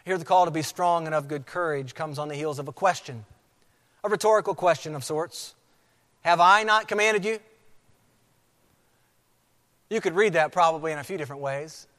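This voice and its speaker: Preaching man in a reverberant hall. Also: a little high. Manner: emphatic preaching, repeats key phrases slowly. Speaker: pastor. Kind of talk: sermon.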